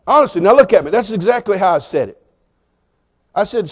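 A man preaching a sermon as pastor, telling a story with big swings from quiet asides to shouting. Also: high-pitched, lively intonation, brisk, pauses often.

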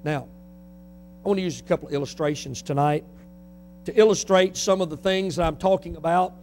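Fiery high-voiced preacher man. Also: brisk, a little hiss or hum. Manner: fiery, swings between shouting and quiet. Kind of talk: sermon.

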